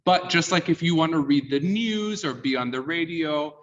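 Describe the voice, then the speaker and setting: A male diction teacher walks his class through vowel sounds, pausing to quiz them and tossing in "yeah?" to check they follow. He sounds set back from the mic, and the recording is dull and lo-fi. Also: a little high, expressive, fairly bright tone, distant mic. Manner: explains and quizzes the class, asks "yeah?" often. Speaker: diction coach.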